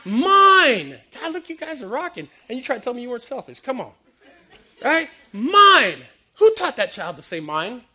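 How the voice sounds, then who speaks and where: A man preaches in a high voice that leaps up and down, joking and firing questions at the crowd. His tone is bright and forceful, and he acts out little scenes as he talks. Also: big pitch swings, quick pace, hardly any pauses, slightly rough. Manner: jokey, quizzes the crowd, acts out stories. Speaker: preacher speaking to a youth audience. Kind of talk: lively comic sermon.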